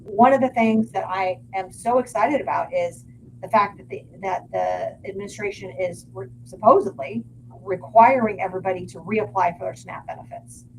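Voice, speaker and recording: A woman's voice: mid-range voice, vocal fry, slight background noise, poor audio. A woman co-hosting a political talk show, speaking casually with frequent restarts and repeated words. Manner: halting, repeats words as she gathers thoughts.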